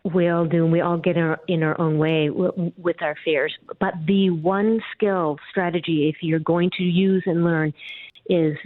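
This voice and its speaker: A woman speaks on a radio show over a thin, phone-quality line, her voice slightly low and dry. She explains things in a calm, measured way. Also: dry recording. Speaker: guest author. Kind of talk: radio interview.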